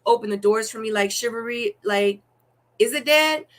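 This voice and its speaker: A woman's voice: fairly high pitch, moderate pace. Chatty young woman telling dating stories. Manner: animated storytelling, acts out quotes, many "like" fillers. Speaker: dating show guest. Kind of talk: casual interview chat.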